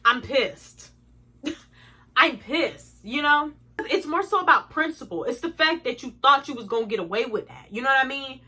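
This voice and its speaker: A woman's voice: high-pitched, lively intonation, normal speed, sharp tone, breathy edge. A young woman telling a storytime to her viewers, blunt, profane and indignant as she rants. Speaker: vlogger. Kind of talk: storytime rant.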